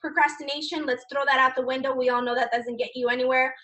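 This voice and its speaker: High bright-voiced woman, upbeat team pep talk. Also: fairly even intonation, fast talker, far from the mic. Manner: enthusiastic, swears lightly, frequent "you guys". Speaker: team leader in direct sales. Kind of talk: casual motivational chat.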